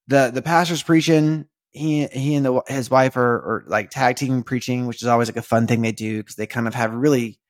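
A man's voice: mid-range voice, no echo, clean studio sound. A young man hosting a faith podcast, telling a personal story in a casual, rambling way full of slang and fillers. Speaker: podcast host. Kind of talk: casual spoken testimony.

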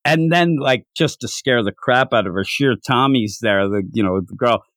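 A man co-hosting a casual podcast chat, animated, often slipping into high put-on voices to act out character lines. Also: normal speed, no echo, clean studio sound. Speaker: podcast co-host reviewing an anime.

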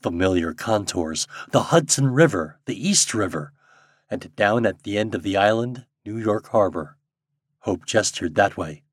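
A man narrating a story aloud as an audiobook reader, in an expressive storytelling manner. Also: on the low side, a little slow, no echo, clean studio sound. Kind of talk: scripted narration.

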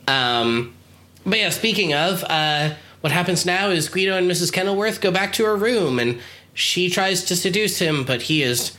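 A woman's voice: lowish voice, animated, moderate pace, a bit bright. A woman co-hosting a podcast, chatting casually and bluntly criticizing a TV episode, laughing often. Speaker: podcast co-host.

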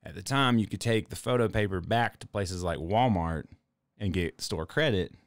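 A man with a fairly low voice tells rambling stories in casual podcast chat, swearing freely and often breaking into laughter. His voice is recorded close and dry, with no room sound around it. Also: moderate pace, dry recording. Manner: profane, storytelling, laughs often. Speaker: podcast co-host.

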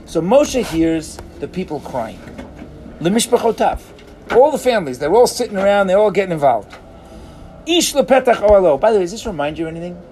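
Animated high-voiced man teaching Torah. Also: fairly quick, slight background noise. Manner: animated, acts out characters, mixes Hebrew phrases. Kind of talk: lively Torah class.

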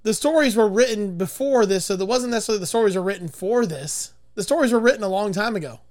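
A man's voice: high voice, quick pace, darkish tone, dry recording, studio quality. A man hosting a podcast, reading out a movie plot summary and arguing his points, swearing often. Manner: argumentative, swears freely. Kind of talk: casual movie review chat.

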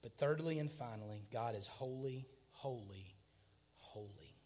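A man, preaching a sermon, swinging from loud emphatic passages to hushed near-whispers. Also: mid-range voice, unhurried, slight background noise. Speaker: pastor.

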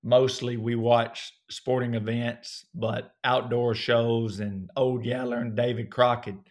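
A man in his thirties from North Alabama with a strong Southern accent, a guest telling relaxed, folksy stories in an interview. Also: mid-range voice, slow. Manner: relaxed, folksy storytelling with many fillers. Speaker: actor guest. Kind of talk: casual interview.

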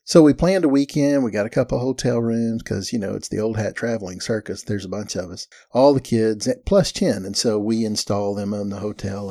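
A man's voice: on the low side, warm tone, no echo, studio quality. A man telling a family story in a folksy, self-deprecating way. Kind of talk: casual storytelling.

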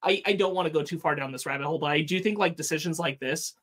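A man with a slightly high voice, speaking his mind on a podcast. He talks earnestly and bluntly, working out his thoughts aloud with fillers and a curse here and there. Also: quick pace, a bit bright. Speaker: podcast co-host. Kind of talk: casual podcast chat.

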